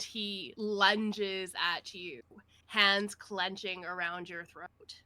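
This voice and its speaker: A woman running a tabletop game as game master, narrating scenes in a lively, descriptive way. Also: medium pitch, drawn-out words, no echo.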